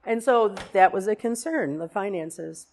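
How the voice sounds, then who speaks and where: A woman's voice: medium pitch, a little slow, a little mellow. A woman in her fifties giving a personal testimony at a church service, earnest and rambling, with many fillers and restarts. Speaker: congregant sharing a testimony. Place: church sanctuary.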